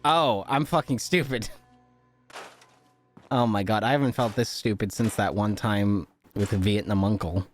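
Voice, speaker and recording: A man's voice: on the low side, unhurried, faint music behind. A young man chatting casually on a live stream, rambling and joking, swearing often and laughing a lot.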